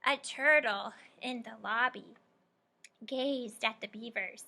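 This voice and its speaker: A young woman teacher guides young children through a storybook, pausing often to ask questions and praise answers. Her voice is bright and a little high, and she speaks slowly and carefully. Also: creaky. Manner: encouraging, prompting and praising students.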